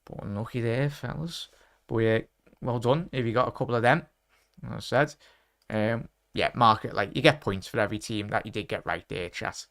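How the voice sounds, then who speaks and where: A man's voice: on the low side, normal speed, a bit bright. A man hosting a casual live-stream quiz, chatty and rambling, often stopping to correct himself. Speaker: quiz host.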